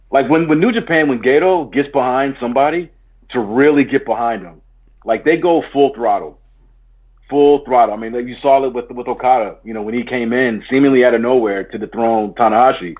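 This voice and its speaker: A man guesting on a wrestling podcast, laid-back and casual, swearing now and then. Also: medium pitch. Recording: tinny phone-like call line.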